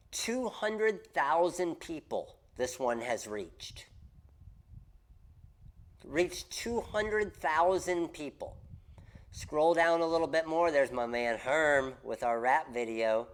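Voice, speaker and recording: A man with a fairly high voice coaches his viewers on a casual livestream. He talks in an animated, emphatic way and hammers the same points again and again. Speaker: host of a craft business livestream.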